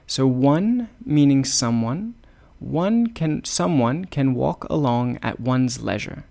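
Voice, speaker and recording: Male English teacher, unhurried storytelling lesson, gravelly voice, explains each phrase. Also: mid-range voice, expressive, a little mellow. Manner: repeats and explains words patiently. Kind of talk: slow storytelling lesson for learners.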